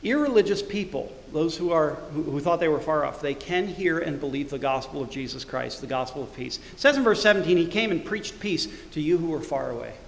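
A middle-aged man, the church's pastor, preaching a sermon; he swells loudly on scripture verses and drops to quiet, conversational asides. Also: on the high side, animated, brisk, vocal fry, hardly any pauses, roomy sound, in a large hall, a little hiss or hum. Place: church sanctuary.

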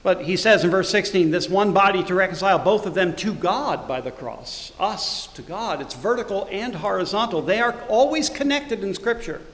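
A middle-aged man, the church's pastor, preaching a sermon; he swells loudly on scripture verses and drops to quiet, conversational asides. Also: high-pitched, expressive, moderate pace, few pauses, echoey room, in a large hall. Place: church sanctuary.

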